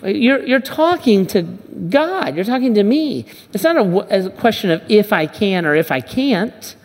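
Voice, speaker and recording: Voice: mid-range voice, very animated, measured pace. A pastor giving a conversational sermon, restarting and repeating phrases and acting out the Bible dialogue. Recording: long reverb of a large hall.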